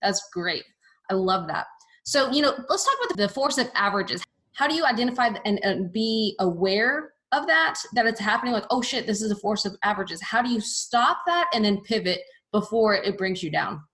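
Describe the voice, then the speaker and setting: A woman hosts a podcast in a casual, earnest manner, reflecting openly before she asks her questions. Her voice sits in an ordinary middle pitch. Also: animated, moderate pace, a bit bright. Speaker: podcast host. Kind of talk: casual interview chat.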